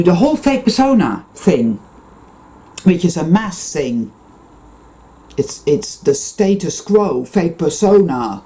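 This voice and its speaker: A woman speaks straight to her viewers in a slow, unhurried spiritual monologue. Her low voice swoops up and down with lively expression. She swears freely and keeps stopping and restarting her sentences. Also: low-quality recording. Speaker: spiritual vlogger. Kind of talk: unscripted spiritual monologue to camera.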